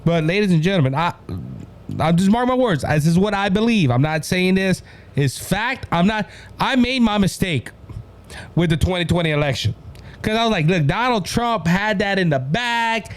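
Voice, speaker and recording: A man with a Louisiana Cajun accent hosting a political commentary show, talking in an animated way and often addressing his listeners as ladies and gentlemen. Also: high voice, moderate pace. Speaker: host.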